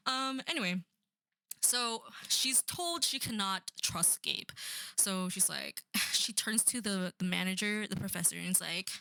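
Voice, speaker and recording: Young woman ranting about a book, bright tense voice, rambly, sarcastic, lots of likes and ums. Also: mid-range voice, unhurried, gravelly, no echo, studio quality. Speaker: book reviewer. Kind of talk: casual rant about a book.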